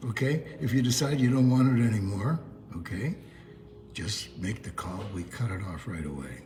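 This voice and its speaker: A man co-hosting a casual chat show, rambling and halting with lots of fillers. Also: on the low side, animated, darkish tone. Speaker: co-host.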